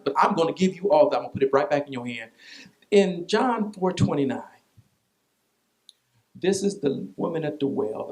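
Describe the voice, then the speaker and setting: A man's sermon as pastor centers on a personal story, told with animation, repetition and vernacular asides. His voice is on the high side.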